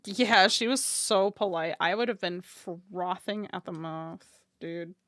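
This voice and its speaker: A woman's voice: on the low side, slow, fairly bright tone, dry recording, clean studio sound. A woman streamer chatting casually with her viewers, swearing freely and laughing often.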